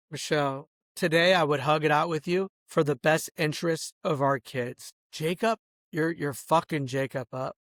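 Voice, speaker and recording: A man's voice: a little high, fairly even intonation, moderate pace, fairly bright tone, no room sound, clean studio sound. A man delivering an angry, profane rant outdoors, addressing people directly and peppering his speech with "bro" and "dog". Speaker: host. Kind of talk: angry ranting monologue.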